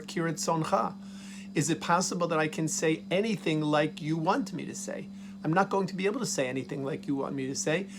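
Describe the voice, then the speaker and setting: A man, a rabbi, teaching a Torah lesson. He reads verses slowly and then translates and explains them. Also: a little high, a little hiss or hum.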